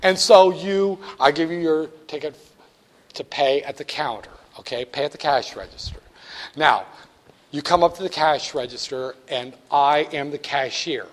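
A man giving a classroom lecture in an animated, joking way, talking straight to his students. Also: on the high side, normal speed. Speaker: teacher.

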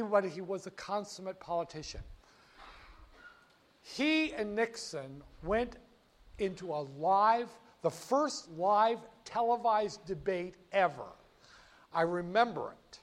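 An older man telling history in a casual, animated, folksy way, often correcting himself mid-sentence. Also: high voice, unhurried. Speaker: storyteller.

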